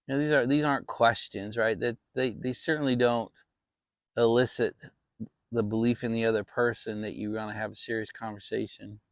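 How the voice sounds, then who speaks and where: A man's voice: medium pitch, steady tone, brisk, no room sound, clean studio sound. A man hosting a casual fireside chat vlog, talking in a rambling, reflective way with many restarts. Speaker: channel host.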